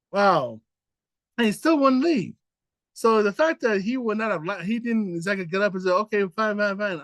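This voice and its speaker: With no room sound and a fairly bright tone, this high-voiced host delivers a casual opinion monologue. He's earnest and indignant, frequently restarting and repeating his words.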